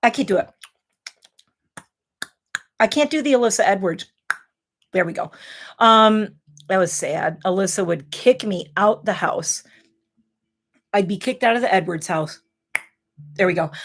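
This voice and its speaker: A woman in her forties chatting casually to camera, telling rambling stories with animated, exclamatory bursts. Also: mid-range voice, normal speed, pauses often. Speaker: vlogger.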